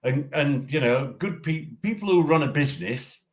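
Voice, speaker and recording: An older man, a former referee assessor, talking through refereeing in a measured way, often repeating and restarting his words. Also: a little high, expressive. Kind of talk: casual discussion.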